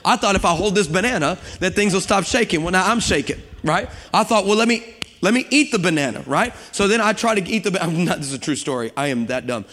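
A man preaching a sermon to a congregation, lively and humorous, building up to shouting passages. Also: sits high, fast talker, hardly any pauses. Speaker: guest preacher. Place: church sanctuary with congregation. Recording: long hall reverb.

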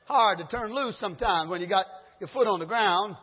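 A man preaching a sermon with fervor, swinging from low murmurs to loud high cries and stumbling over his words as he restarts. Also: fairly quick, slightly rough. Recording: dull sound with long hall reverb.

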